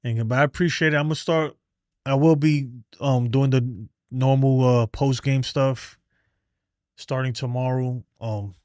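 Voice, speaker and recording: Casting: male fan-show host, mid pitch, dry close sound, chatty and slangy, short of breath. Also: fairly even intonation, unhurried, a little mellow, no room sound. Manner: loose and conversational, many "like" and "man". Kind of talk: casual live-stream chat.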